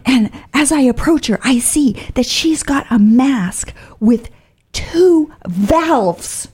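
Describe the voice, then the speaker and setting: A middle-aged woman from Oakland telling a personal story in a wry, blunt, animated way. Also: high voice, slow, husky. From Oakland, California.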